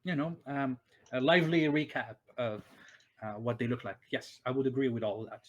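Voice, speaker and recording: A man of average pitch runs a tabletop game, pausing often on fillers and restarting his sentences. His delivery is loose and unscripted, the voice of a game master thinking aloud. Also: steady tone, lo-fi sound. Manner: hesitant, many fillers and restarts. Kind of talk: narrating and voicing a tabletop game.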